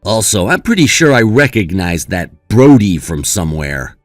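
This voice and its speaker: A man's voice: fairly low pitch, sing-song, moderate pace, dry recording, soft background music. A man playing a young brother who comforts his sister in a reassuring, sympathetic way. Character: caring young brother, supportive and indignant.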